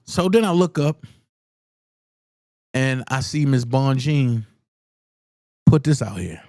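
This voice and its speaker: Host for a live-stream commentary show: slow, emphatic, profane, very lively pitch, dry close sound. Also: no echo. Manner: emphatic, repeats rhetorical questions; blunt and profane.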